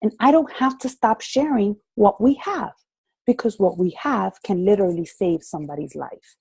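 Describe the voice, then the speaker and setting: A woman's voice: mid-range voice, normal speed, gravelly, darkish tone, breathy edge, no room sound, low-quality recording. A woman in her thirties giving a passionate motivational talk to her group members on a call, acting out conversations as she goes. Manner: passionate, preacherly, acts out dialogue. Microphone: call audio.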